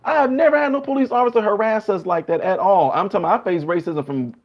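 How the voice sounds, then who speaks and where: Male host, animated storyteller, dull lo-fi recording. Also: high-pitched, fast talker. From Chicago. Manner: animated storytelling, acting out quoted people. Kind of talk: casual monologue.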